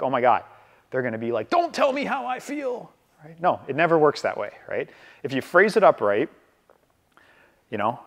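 A man teaching real estate negotiation in a casual way, acting out bits of dialogue and often checking in with "right?". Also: mid-range voice. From Canada. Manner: lively, acts out dialogue, keeps checking with "right?". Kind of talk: casual training talk to a room. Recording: reverberant hall from a distance.

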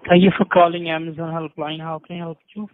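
A man's voice: fairly high pitch, flat delivery, fast, background noise. A man working as a call center agent, curt and repetitive. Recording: dry tinny phone line.

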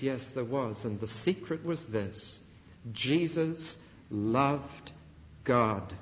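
A man's voice: fairly high pitch, a little mellow. Earnest male preacher in a reverberant hall. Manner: earnest, emphatic preaching with dramatic pauses. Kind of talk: sermon. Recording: dull archival sermon recording in a reverberant hall.

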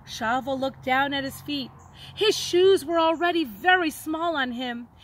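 Woman, teacher, children's story reading, expressive, high voice, faint background noise. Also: a little slow, rough recording. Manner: expressive, dramatic.

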